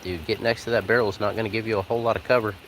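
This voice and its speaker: A man chatting casually on a live stream from a porch, talking to his cats and his viewers in a relaxed, rambling way. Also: lowish voice, racing, poor audio. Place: outdoors on a porch in the rain. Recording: rain noise outdoors. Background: rain.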